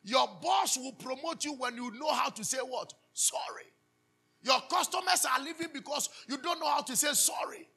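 A man preaching a sermon as pastor, animated, asking the congregation to finish his sentences. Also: very high-pitched, normal speed, gravelly, hardly any pauses. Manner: animated preaching with call-and-response questions.

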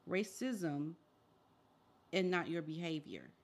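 A woman's voice: on the low side, lively intonation, slow pace. A woman guest on a podcast, giving firm opinions in casual chat and murmuring agreement often. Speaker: guest commentator.

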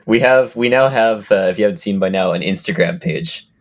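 A man's voice: fairly low pitch, brisk. A man co-hosting a film podcast, talking casually with many fillers and restarts. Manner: hesitant, many fillers, laughs often. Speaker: podcast co-host. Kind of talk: casual chat.

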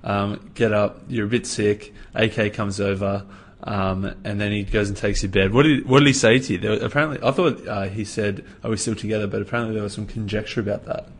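A man's voice: fairly low pitch, steady tone, a little fast. An Australian man hosting a casual interview, laid-back with easy fillers. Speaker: podcast interviewer.

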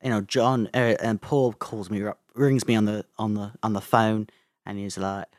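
A man doing a slow, nasal impression of a famous 1960s rock singer. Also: fairly low pitch, dry recording, clean studio sound, voice pushed down, lightly acted. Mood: joking.

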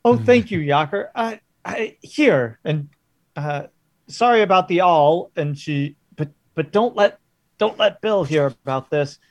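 A man's voice: fairly high pitch, expressive, unhurried, no echo. A man voicing a harried, grumbling tavern barmaid who curses under her breath. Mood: flustered. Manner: exasperated, cursing under breath.

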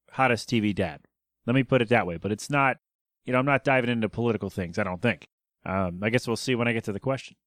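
A man's voice: medium pitch, a bit bright. A man hosting his own podcast, talking casually in a rambling, self-deprecating way with lots of fillers and restarts. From United States. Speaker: podcast host. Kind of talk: casual solo podcast talk.

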